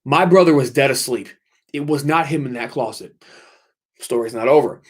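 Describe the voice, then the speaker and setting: A man hosts a late-night livestream and tells a true ghost story. He talks intensely, repeats phrases for emphasis and swears freely. His voice sits at a middle pitch. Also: moderate pace. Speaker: livestream host.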